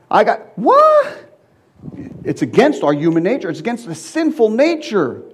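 Animated man preaching a testimony sermon. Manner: swings from loud high exclaiming to quiet low confiding.

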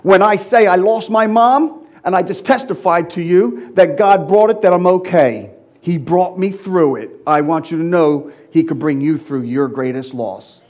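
A middle-aged male preacher giving a sermon with personal testimony, swinging from loud, high exclaiming to quiet, low confiding.

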